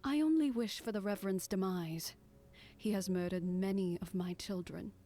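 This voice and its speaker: A woman voicing a gentle, motherly goddess in whispered role-play, hushed and soothing. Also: mid-range voice, moderate pace, pitched above the performer's own voice, lightly acted. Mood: persuasive.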